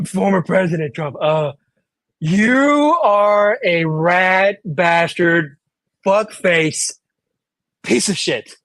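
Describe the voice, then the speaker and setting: A man's voice: on the high side, a bit bright, no echo. A man doing a crude, insulting woman reporter. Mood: mocking. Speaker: podcast co-host.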